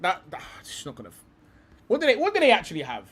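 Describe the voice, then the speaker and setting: Young man, swears a lot, fairly high voice, casual live stream talk, rambling. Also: wildly swooping pitch, fast, fairly bright tone, husky. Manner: swears a lot and says bro, rambling and heated.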